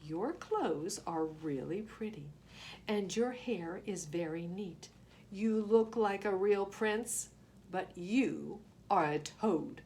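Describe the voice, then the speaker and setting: Storybook role: a bold, clever princess with a calm, coaxing voice, read by a woman. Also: medium pitch, takes it slowly, a little hiss or hum. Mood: blunt.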